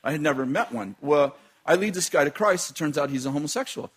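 A man preaching and telling a dramatic personal story, laughing often and shouting at the peaks. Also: a little high, quick pace, husky. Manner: animated, laughing, shouting at climaxes. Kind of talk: sermon storytelling.

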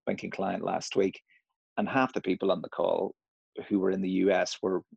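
A man's voice: low-pitched, flat delivery, moderate pace, vocal fry, a little mellow, husky, dry recording, lo-fi sound. A middle-aged man with a Northern Irish accent touched by American, talking casually in an interview, hesitant with many fillers and restarts. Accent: Northern Irish, slightly Americanized. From Northern Ireland.

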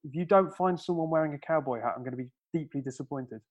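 A man's voice: fairly high pitch, quick pace, darkish tone. A man hosting a podcast, chatting casually in a laid-back, joking way. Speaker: podcast host. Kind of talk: casual chat.

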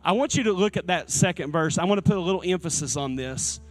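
A male pastor preaching a sermon in a church, earnest and repeating his key phrases, with soft instrumental music behind him. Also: high voice, animated, fast. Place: church sanctuary.

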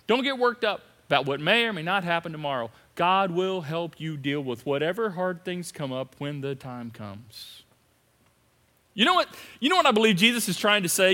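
High bright-voiced preacher in a big hall. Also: male voice. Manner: swings from loud emphatic repetition to hushed asides. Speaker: pastor. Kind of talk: sermon. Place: large church hall. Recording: long reverb of a big hall.

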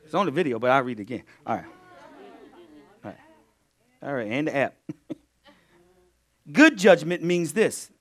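A male pastor preaching a sermon in a call-and-response style, loud bursts one moment and low asides the next. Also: expressive, measured pace, long pauses, a faint crowd.

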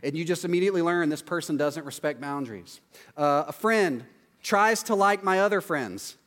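A male preacher gives a relaxed, talky sermon, his voice sitting a little high for a man. He keeps it animated and casual. A long hall reverb trails each phrase, as if heard in a big sanctuary. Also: normal speed. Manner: chatty, animated, tags lines with "right?".

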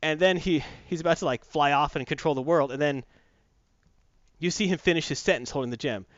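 A man in a casual chat, retelling a comic book story in animated fashion and acting out the characters' lines. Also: on the high side, fairly quick, no echo, muffled recording.

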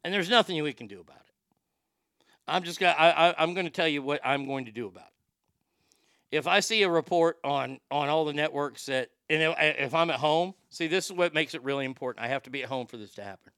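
A man's voice: on the high side, brisk, fairly bright tone, clean tone, no echo, studio quality. A man hosting a show in a rambling, profane comedic rant, often stammering and repeating words. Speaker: show host.

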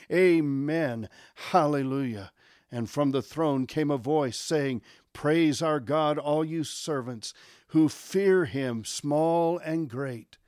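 A pastor reading a Bible passage aloud in a measured, solemn way with emphatic rises. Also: male voice, on the high side, darkish tone, dry recording, clean studio sound. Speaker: guest scripture reader, pastor. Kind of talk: scripture reading.

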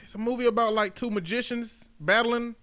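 A man's voice: very high-pitched, steady tone, fairly quick, pushed and bright. A man in casual chat, putting blunt, probing questions to his co-host.

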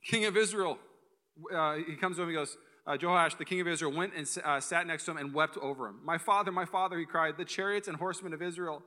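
In a church hall, a young male pastor delivers a sermon in quick, energetic bursts with a bright, forceful voice pitched slightly high for a man. He often drifts into playful asides before hammering the point home.

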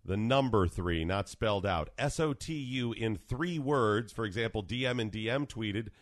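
Male radio co-host, mid-pitched, relaxed banter, dry close mic. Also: moderate pace, no echo. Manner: easygoing, reads listener tweets and phone numbers. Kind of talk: political talk radio commentary.

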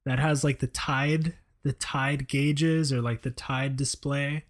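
A man's voice: mid-range voice, steady tone, slow. A laid-back man chatting casually as a podcast co-host. His voice sits in the middle range, and he fills his sentences with "like.". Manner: easygoing, says "like" often. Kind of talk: casual chat.

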